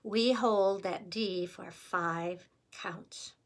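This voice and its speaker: A woman's voice: medium pitch, steady tone, drawn-out words, noisy background. A woman music teacher giving a recorder lesson with patient, encouraging step-by-step instructions.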